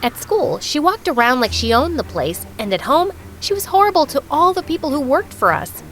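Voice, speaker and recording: A woman narrating an animated story as a bookish rich teenage girl, in a chatty, dramatic way. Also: high voice, normal speed, faint music behind, rough recording.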